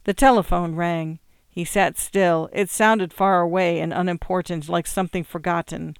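A narrator reading a story aloud in a measured, expressive way. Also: mid-range voice, creaky, clear, resonant tone, no echo, clean studio sound. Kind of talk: audiobook reading.

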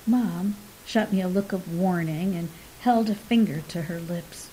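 Woman reading stories in a mellow voice. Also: on the low side, unhurried, rough recording. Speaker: story reader. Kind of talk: scripted narration of short stories. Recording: faint hiss behind voice.

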